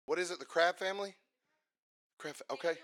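A man preaching a fiery sermon, swinging from hushed asides to shouted emphasis. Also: a little high, a little fast.

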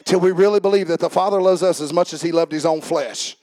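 A man preaching a sermon as pastor, swinging from quiet joking asides to shouted preaching and calling out to the congregation. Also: a little high, quick pace, no echo. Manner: talks back and forth with the congregation. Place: church service.

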